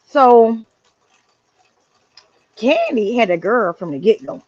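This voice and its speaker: A woman hosting a livestream, telling a story in a casual, slangy, animated way. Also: on the high side, slow pace, husky, no room sound, dull audio. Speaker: livestream host. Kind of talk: casual chat.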